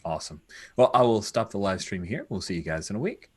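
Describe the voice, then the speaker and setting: A man's voice: lowish voice, lively intonation, quick pace, slightly rough. A man chatting enthusiastically after a tabletop game, rambling and restarting his sentences. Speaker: streamer and player. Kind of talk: post-game wrap-up chat.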